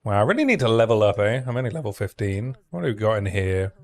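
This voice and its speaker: A man with a fairly low voice chats casually through a game stream, thinking aloud and reading out item numbers as he plays. The talk is loose and conversational, with easy asides to his chat. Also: sing-song, fast talker. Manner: thinks aloud, chatty, reads out item stats. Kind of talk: casual gaming stream commentary.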